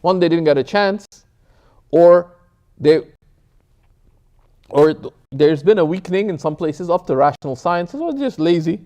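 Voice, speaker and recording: A middle-aged man teaching a class, reading Arabic text quickly and explaining it in English, often checking with "right?", with classical Arabic pronunciation of the terms. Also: a little high, animated, mellow. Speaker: teacher of Islamic theology.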